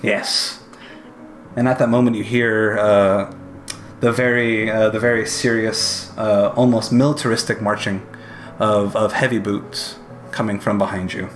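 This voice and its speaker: A man's voice: fairly low pitch, steady tone, normal speed, echoey room, soft background music. Man narrating as game master. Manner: descriptive, hesitant, lots of fillers.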